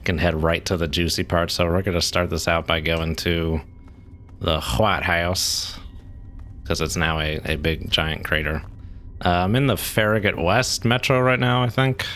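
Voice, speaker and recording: A man's voice: low voice, steady tone, measured pace, fairly bright tone. A man streaming a game, giving casual, rambling commentary as he plays and thinks aloud.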